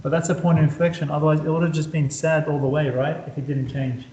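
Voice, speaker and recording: A man's voice: fairly high pitch, flat delivery, fast talker, darkish tone, muffled recording, slight background noise. A man tutoring calculus at a whiteboard who repeats words as he draws and keeps quizzing his student. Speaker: maths tutor. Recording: echoey room.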